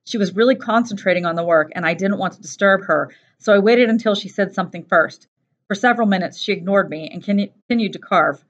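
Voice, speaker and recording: A woman teacher reading a first-person novel aloud in a steady, plain storytelling voice. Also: medium pitch, fast talker. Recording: dull lo-fi recording.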